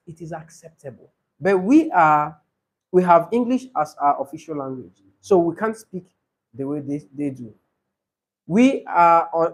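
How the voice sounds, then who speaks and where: A man teaching an exam speaking class, repeating each rule slowly so students can take notes. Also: high-pitched. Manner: repeats key rules slowly for note-taking. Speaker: IELTS trainer. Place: training session room.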